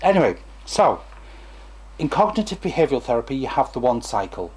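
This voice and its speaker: A man's voice: mid-range voice, big pitch swings, brisk, husky. A former stammering therapist, a man, gives a chatty, digressive talk to camera and acts out examples as he goes.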